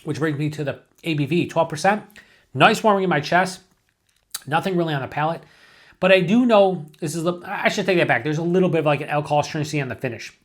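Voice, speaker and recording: A man talks through a beer review in a casual, thinking-aloud way, circling back and restarting his sentences. His voice sits a little above the usual pitch for a man. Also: fast talker.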